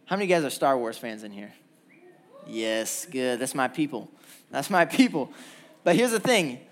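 A young man preaching a sermon to a church crowd, earnest and animated as he tells stories. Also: medium pitch, moderate pace, a little hiss or hum. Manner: animated storytelling, lively and earnest. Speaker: pastor. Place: church hall.

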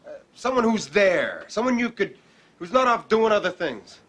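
A man's voice: high voice, very animated, moderate pace, a bit bright, exaggerated voice. An actor playing an awkward, defensive male cop in a TV drama, evasive and hiding his feelings. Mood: flustered. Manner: evasive, flustered, hides feelings. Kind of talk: TV drama acting.

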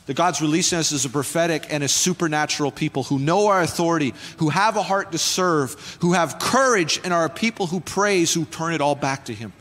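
A man's voice: fairly high pitch, a little fast, hardly any pauses, fairly bright tone. A man, a pastor, preaching a sermon in a church with impassioned, fervent calls to the congregation. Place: church sanctuary. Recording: long hall reverb with faint music.

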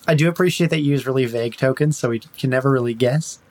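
A man's voice: mid-range voice, fast, a little mellow. A man playing a tabletop role-playing game, chatting casually and laughing often. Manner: playful, laughs often, restarts. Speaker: player.

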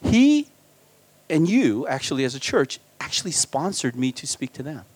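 A man preaching as a guest pastor at a church retreat, animated, swinging between loud emphasis and quiet asides. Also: fairly high pitch, normal speed, slightly rough, dry recording. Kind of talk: sermon.

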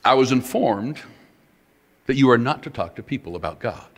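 A middle-aged man preaching a sermon, telling a story in an animated, emphatic way. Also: mid-range voice, normal speed. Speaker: pastor. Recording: long hall reverb.

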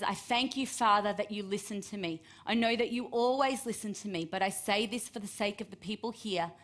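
A woman gives a sermon, reading scripture aloud and breaking off to explain it. She acts out the quoted lines with lively emphasis, her voice sitting at an ordinary middle pitch. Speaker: preacher.

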